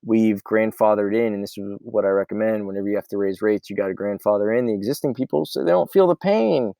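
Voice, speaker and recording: A low, gravelly man talks through his ordering spreadsheet in a rambling, offhand way. His voice is dark and mellow, and the sound is dry and close. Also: fast talker, no echo. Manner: rambling and offhand, thinking aloud. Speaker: meal prep business owner. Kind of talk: casual software walkthrough.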